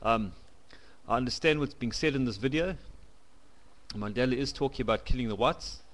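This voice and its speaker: Talking straight into a home camcorder, this South African man pauses and stumbles through an outspoken, frank monologue. His voice sits in the middle range, and he's a vlogger.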